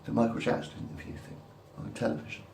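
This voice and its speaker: A man's voice: fast, darkish tone, a little hiss or hum. A man in his fifties rambling crudely and repetitively to a camera at home. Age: 50s. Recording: echoey room.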